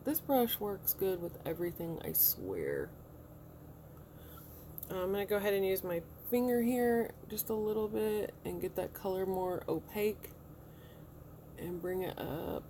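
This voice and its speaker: A woman in her thirties talks casually through her makeup routine step by step, chatty and easygoing. Her voice sits at an ordinary middle pitch. A faint background noise runs under the recording. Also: normal speed, warm tone. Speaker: beauty vlogger. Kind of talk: casual makeup tutorial talk. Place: home room.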